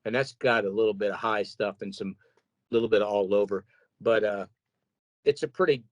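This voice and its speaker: A man who sings metal, chatting casually in an interview, rambling and animated as he tells stories about touring and keeping his voice in shape. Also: fairly low pitch, brisk, no echo, low-quality recording. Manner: rambling, animated storytelling with quoted asides. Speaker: metal singer guest.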